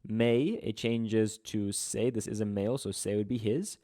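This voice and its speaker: A young man, tutoring through an exam paper in a relaxed, slangy, chatty way. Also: lowish voice, measured pace. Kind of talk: casual exam walkthrough.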